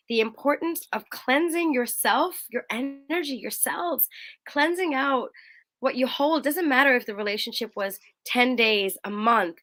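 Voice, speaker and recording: In a casual chat, a young woman serving as co-host animatedly recounts a personal story, acting out quotes in a higher voice.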